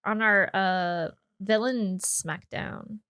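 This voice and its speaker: A woman's voice: mid-range voice, drawn-out words, a bit bright, smooth, dry recording, clean studio sound. A woman co-hosting a podcast, dropping wry remarks in casual chat. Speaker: podcast co-host.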